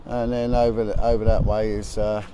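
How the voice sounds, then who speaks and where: A man's voice: on the low side, flat delivery, a little fast, muffled recording. A man chatting on a casual livestream from outdoors, greeting viewers by name as he films on his phone. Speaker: livestream host. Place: outdoors on a high spot above the city at sunset. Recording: outdoor phone audio with faint traffic noise.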